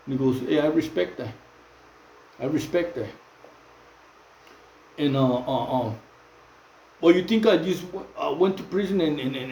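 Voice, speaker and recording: A man's voice: a little high, darkish tone, reverberant, slight background noise, low-quality recording. A middle-aged Mexican man talking straight into his phone in a loose monologue, heavy on slang, fillers and restarts. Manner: repetitive, many fillers and restarts, street slang. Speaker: channel host. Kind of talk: casual monologue to camera.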